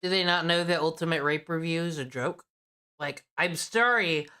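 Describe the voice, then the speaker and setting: A woman's voice: low-pitched, moderate pace, bright, forceful tone, clean tone. A woman streamer giving casual reaction commentary, blunt, profane and opinionated.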